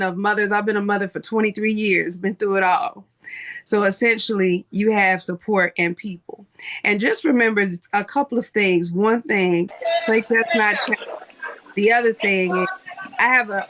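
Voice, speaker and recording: A woman's voice: mid-range voice, poor audio. A woman in her forties, a mentor and life coach, giving earnest motivational advice in maxims as a guest on a livestream. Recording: steady noise behind voice.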